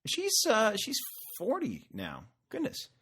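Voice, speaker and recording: A man co-hosting a casual podcast, rambling and joking as he goes. His pitch swings widely and his tone is bright. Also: wildly swooping pitch, slow, breathy edge. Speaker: podcast co-host. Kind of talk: casual chat. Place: Vancouver.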